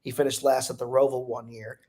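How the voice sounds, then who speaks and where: A man co-hosting a casual racing talk show, giving emphatic, animated opinions. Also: mid-range voice, brisk. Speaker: co-host. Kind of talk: casual racing podcast chat.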